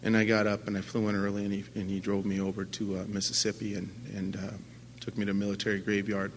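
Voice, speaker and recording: A man's voice: on the low side, monotone, a little hiss or hum. Earnest man speaking in an echoing hall. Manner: earnest and halting, with many restarts; swings from quiet to loud, impassioned. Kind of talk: personal recovery talk to an audience. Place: large conference hall at a convention. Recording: long hall reverb from a live talk.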